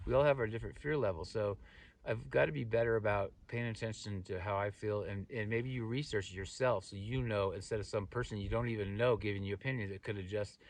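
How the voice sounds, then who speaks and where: Fast-talking low-voiced man on the trail. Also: far from the mic. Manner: rambling, animated retelling with many fillers and restarts. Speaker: thru-hiker vlogger. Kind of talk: casual storytelling to camera. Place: outdoors on a mountain trail.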